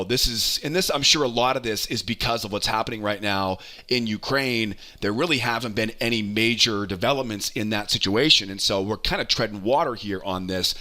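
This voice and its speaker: A man teaching a trading lesson over charts, energetic and repetitive, often checking in with a quick "right?". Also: medium pitch. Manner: energetic, punctuates points with a questioning "right?"; repeats phrases for emphasis. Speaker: trading educator. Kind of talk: live chart walkthrough lesson.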